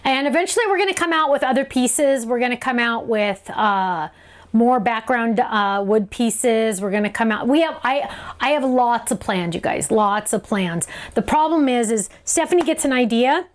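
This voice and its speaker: A woman's voice: on the high side, moderate pace. A woman hosting a live craft show, answering viewer questions in a chatty, bubbly way and laughing often. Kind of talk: live stream Q&A chat.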